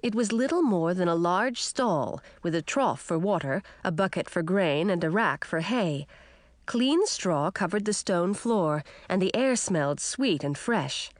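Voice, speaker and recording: A woman narrating a children's storybook aloud in an expressive, animated manner. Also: fairly low pitch, measured pace, dry recording, clean studio sound. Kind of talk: storybook reading.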